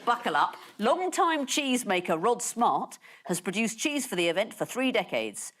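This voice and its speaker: A woman's voice: a little high, big pitch swings, moderate pace, fairly bright tone. A woman hosting a comedy panel quiz, delivering jokes with dry wit. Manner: dry, wry delivery of jokes, frequent laughs. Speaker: guest host of panel quiz. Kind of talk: scripted comic quiz hosting. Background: studio audience laughter.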